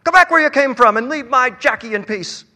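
A man's voice: very high-pitched, lively intonation, a little fast, pushed and bright, pitched above the performer's own voice, full character voice. A man voicing a huge, furious older mother who screams and shrieks, heard with a long hall reverb. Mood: screaming.

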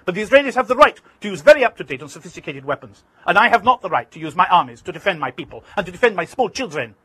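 A man voicing a furious, defiant older political leader who shouts in broken English. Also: high voice, rapid-fire, breathy edge, no room sound, voice pushed up. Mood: indignant.

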